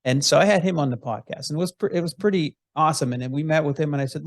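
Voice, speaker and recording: A man's voice: on the high side, rapid-fire, hardly any pauses, no echo, studio quality. A man hosting a podcast interview, talking in an easygoing, rambling way with restarts. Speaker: podcast host. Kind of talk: casual interview chat.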